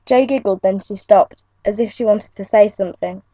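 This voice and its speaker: A young woman reading her own adventure story aloud, in an earnest, steady storybook manner. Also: medium pitch, normal speed, dry recording. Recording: muffled lo-fi home recording.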